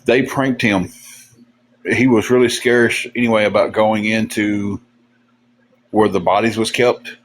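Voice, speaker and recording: A man's voice: on the low side, fairly even intonation, a little slow, pauses often, rough recording. A man hosting a livestream, telling rambling, folksy stories to his chat with many fillers and restarts. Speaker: livestream host. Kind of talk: casual storytelling to live chat.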